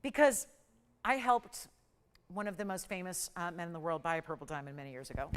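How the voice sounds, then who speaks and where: A middle-aged woman hosting a live TV jewelry sale, pitching in an upbeat, persuasive and urgent way. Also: fairly quick, fairly bright tone, slight background noise. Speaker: shopping channel host. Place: TV studio.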